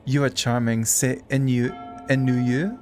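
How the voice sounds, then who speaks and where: A man's voice: mid-range voice, steady tone, measured pace, faint music behind, natural voice. Man doing a sniffy French frog-man. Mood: bored. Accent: French (put on). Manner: dismissive, sniffy. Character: haughty male frog-man with a stuffy temper.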